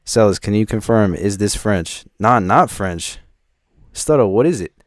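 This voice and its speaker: Stream host, male, lower register, dry close sound; casual, chatty, asks the chat questions. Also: lively intonation, unhurried, dry recording. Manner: chatty, thinks aloud, quizzes his chat. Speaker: livestream host reviewing viewers' beats.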